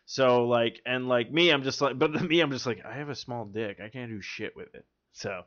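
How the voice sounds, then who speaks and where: A man's voice: mid-range voice, normal speed, muffled recording. A man co-hosting a podcast, rambling and joking about himself in casual drinking-game chat. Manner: excitable, rambling, self-mocking. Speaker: podcast co-host.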